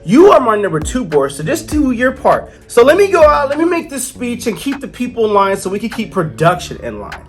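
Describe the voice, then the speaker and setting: A man's voice: extremely high pitch, huge pitch swings, fairly quick, hardly any pauses, heavily acted. A man voicing a pompous male bull who rules a castle, speaking in a put-on accent with a speechifying manner. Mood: scheming.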